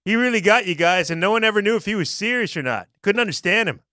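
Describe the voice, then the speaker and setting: Lively high-voiced man, joking. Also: quick pace, no room sound, clean studio sound. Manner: jokey, reads aloud and riffs, laughs often. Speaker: co-host reading a listener's message. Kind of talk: casual comedy chat. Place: studio.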